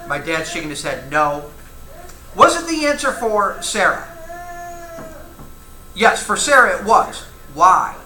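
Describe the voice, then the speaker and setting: Lively, bright-voiced man teaching Bible class. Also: sits high, slow, long pauses, a little hiss or hum. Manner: conversational, asks the class questions, reads scripture aloud. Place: church classroom. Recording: echoey room, faint ambience.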